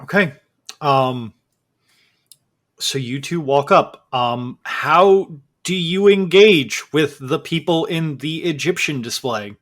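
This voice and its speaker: A man running a tabletop game as game master, in an easy, joking, casual way. He takes his time, speaking at an unhurried pace, with plenty of loose fillers as he sets up each scene. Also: on the high side, expressive, a bit bright.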